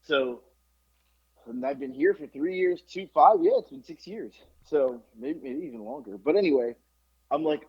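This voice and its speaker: Middle-aged man, podcast host, profane casual storytelling, husky voice, dull lo-fi sound. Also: fairly high pitch, normal speed. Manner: animated, profane storytelling with lots of fillers.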